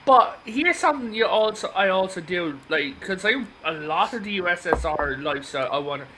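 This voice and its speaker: A man hosting a casual movie podcast, telling the story in a rambling, animated way. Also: high voice, a little fast, noisy background. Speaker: podcast host.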